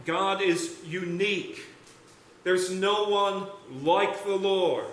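A man delivers a sermon at an unhurried pace, his voice bright and ringing. He leans hard into key words and lets them swell. The sound carries the echo of a church sanctuary. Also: fairly high pitch, slight background noise. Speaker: pastor.

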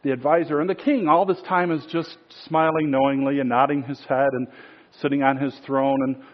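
A man's voice: mid-range voice, fairly even intonation, brisk, muffled recording. A man preaching a sermon in a casual storytelling way, with many fillers and restarts.

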